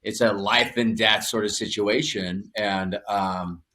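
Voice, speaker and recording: An actor in an interview who talks haltingly and searches for his words. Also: lowish voice, fairly even intonation, bright, forceful tone. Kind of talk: casual interview talk.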